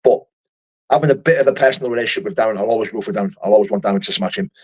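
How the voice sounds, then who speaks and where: This UK-born professional fighter is young and talks with a fairly low, slightly mellow, breathy voice at a racing pace, with the highs cut off in the audio. Casually livestreaming, he rambles through viewer comments, swearing and restarting often.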